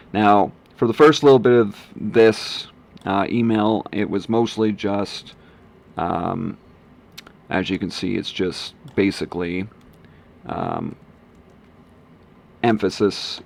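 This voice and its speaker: A man's voice: fairly low pitch, vocal fry. A man casually walking through his email steps on screen, rambling with many ums and self-corrections. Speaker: online marketing vlogger. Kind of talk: casual screen-share walkthrough.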